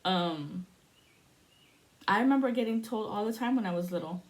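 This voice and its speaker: A woman in her forties from the United States, telling stories in a casual, profane, animated monologue as a spiritual vlogger. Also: medium pitch, normal speed, pauses often. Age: 40s. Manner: profane, animated storytelling with laughs.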